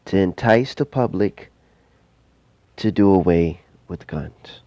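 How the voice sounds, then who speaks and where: Slow, deep Southern commentator, skeptical. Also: male voice, mellow, no echo. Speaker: online commentator. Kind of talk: commentary video.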